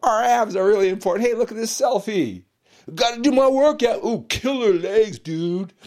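A man's voice: sits high, normal speed, darkish tone, pitched above the performer's own voice, close to an everyday voice. A man putting on the voice of cocky, vain young gym bros in a boastful, mocking way. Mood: smug.

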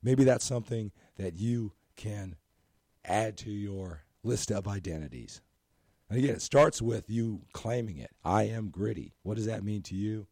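A hoarse, scratchy-voiced man hosting a motivational podcast, talking earnestly in a rambling way and often asking "right?". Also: fairly low pitch, measured pace, mellow, no echo, clean studio sound. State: hoarse from talking too much. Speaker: podcast host and coach.

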